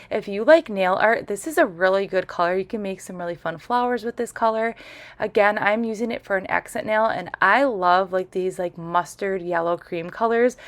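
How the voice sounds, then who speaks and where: Woman, nail tutorial host, bubbly, casual voice-over with filler words. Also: mid-range voice. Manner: enthusiastic, gushing over products.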